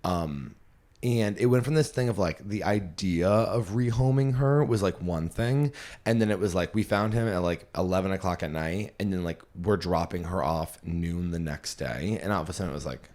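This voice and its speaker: Low-voiced young man rambling candidly. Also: moderate pace, a little mellow. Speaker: podcast host and comedian. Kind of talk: casual storytelling chat.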